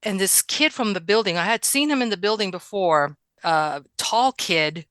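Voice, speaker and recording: A woman from New York, a guest in a casual conversation, telling animated stories from her childhood, acting out quotes and laughing often. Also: medium pitch, moderate pace, clear, resonant tone, dry recording.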